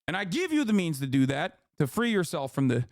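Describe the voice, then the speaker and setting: A livestream commentator talks politics casually, heated and profane, rambling through his points as he reacts live. His voice is on the high side, sing-song and brisk, captured in clean studio quality with no room sound.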